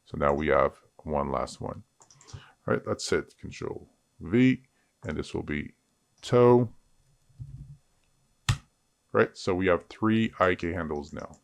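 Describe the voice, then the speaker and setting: Male tutor, low gravelly voice, lively up-and-down delivery, dry close mic, jokey software walkthrough. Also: takes it slowly, pauses often, no room sound. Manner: chatty, self-joking asides. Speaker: 3D rigging instructor. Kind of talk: screen-recorded software tutorial.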